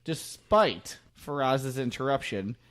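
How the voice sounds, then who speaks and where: A man's voice: mid-range voice, expressive, takes it slowly, a bit bright. A man co-hosting a podcast, reading a script aloud in a mock old-time newscaster manner between casual banter.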